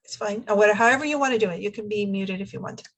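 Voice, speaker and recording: A woman's voice: mid-range voice, rapid-fire, fairly bright tone, rough recording. A woman life coach leading a class over a video call, giving steps and checking that everyone follows. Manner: coaching, encouraging, checks understanding. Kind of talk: online class instruction.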